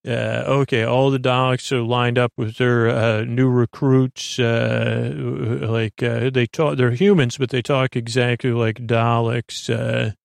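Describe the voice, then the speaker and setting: A man's voice: medium pitch, flat delivery, slow, creaky, few pauses, dry recording, clean studio sound. A man hosting a sleep podcast, loosely retelling a TV episode in a meandering way with many filler words. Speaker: podcast host.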